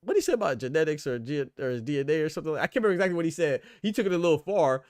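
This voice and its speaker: A man hosting a boxing podcast, talking fast in casual debate and repeating words as he thinks. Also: a little high, expressive, darkish tone, no echo, clean studio sound.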